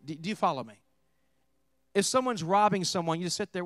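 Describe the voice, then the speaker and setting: A man preaching a sermon as pastor, telling a story and swinging between hushed moments and emphatic ones. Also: high-pitched, sing-song, fairly quick, no room sound.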